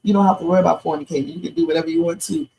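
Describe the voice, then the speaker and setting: A woman's voice: fairly low pitch, steady tone, racing, vocal fry, mellow, a little hiss or hum, rough recording. A tired woman hosting a live reaction stream, chatting and rambling with preachy asides. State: sleepy, tired. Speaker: livestream reaction host. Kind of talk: casual live reaction commentary.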